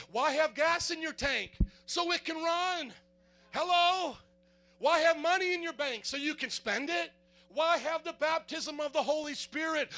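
A man preaching a sermon as pastor, fervent, quizzing the congregation in call-and-response and building up to shouts. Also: extremely high pitch.

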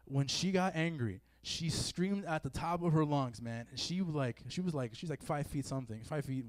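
This youth preacher's voice leans high and moves at normal speed, with no room sound in the recording. Before a live audience in a meeting room, he gives a chatty, filler-laden sermon and acts out quoted feelings.

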